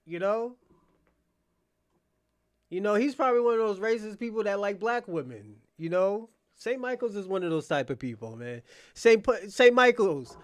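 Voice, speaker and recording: A man with a notably high speaking voice hosts a casual live stream. He talks straight to viewers by name, needling and teasing them in a loud, crude, mocking way. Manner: brash, mocking and profane, addressing chatters by name. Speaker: livestream podcast host.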